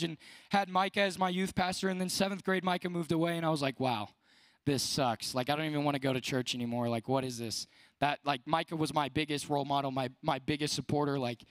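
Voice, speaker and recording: High-voiced teenage guy giving a youth sermon. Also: fairly bright tone, no echo. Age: late teens. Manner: conversational, fills speech with "like". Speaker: student speaker at a youth service.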